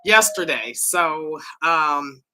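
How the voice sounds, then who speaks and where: A woman hosting a casual livestream. Her voice is hoarse and cracking. She eagerly calls viewers to join in and talks haltingly, with many fillers. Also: low voice, expressive, noisy background. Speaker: livestream host.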